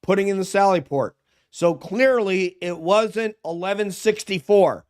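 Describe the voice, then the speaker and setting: A man's voice: high voice, unhurried, a little mellow, smooth. A man talking as a guest on a live true-crime stream, emphatic and argumentative as he makes his points. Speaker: guest co-host.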